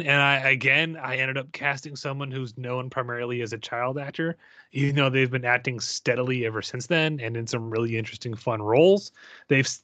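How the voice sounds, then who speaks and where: Bright, opinionated man in podcast chat. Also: medium pitch, no echo. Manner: opinionated, mock-ranting. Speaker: podcast co-host. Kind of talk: casual podcast discussion.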